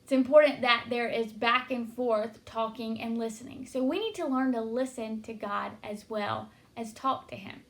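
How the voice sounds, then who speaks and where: A woman's voice: a little high, normal speed, few pauses. A woman giving an earnest devotional teaching, telling stories to encourage listeners. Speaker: Christian teacher.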